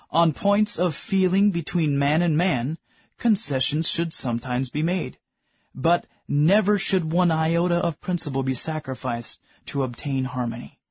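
A man's voice: a little high, breathy edge, dry recording, studio quality. A middle-aged man preaching a sermon, earnestly asking his congregation questions and calling them friends. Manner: addresses listeners as friends.

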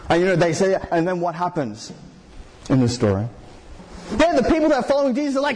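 A man's voice: high voice, very animated, moderate pace, a little mellow, slight background noise. A man preaching a sermon in a conversational way, full of "you know" fillers and questions put to the congregation.

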